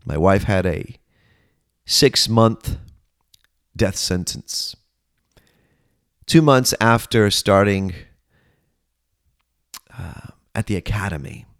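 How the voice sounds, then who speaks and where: Slow, gravelly-voiced man telling his testimony. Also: low-pitched, dry recording, studio quality. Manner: earnest, emphatic, with dramatic pauses. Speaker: pastor and podcast host. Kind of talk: personal testimony storytelling.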